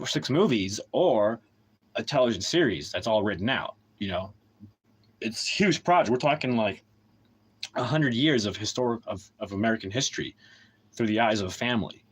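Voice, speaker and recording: A man's voice: mid-range voice, husky, low-quality recording. Guy ranting into his camera on a stream, swears a lot, blunt, fires off question after question. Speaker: independent writer and streamer. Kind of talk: livestream monologue to camera. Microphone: camera mic.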